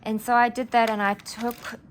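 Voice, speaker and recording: A woman's voice: fairly high pitch, little pitch movement, moderate pace, slight background noise. A woman, telling a personal story in a casual vlog, earnest and rambling as she gets emotional. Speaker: vlogger.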